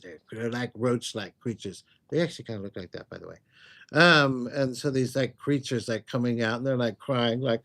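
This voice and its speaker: A man's voice: mid-range voice, fairly bright tone. A man hosting a casual livestream, answering viewer questions in a chatty, rambling way. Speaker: psychic livestream host.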